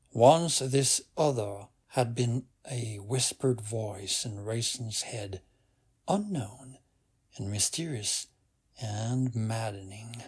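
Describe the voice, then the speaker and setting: Man reading a bedtime audiobook, super slow, gravelly and husky, soft and even. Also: mid-range voice. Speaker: narrator.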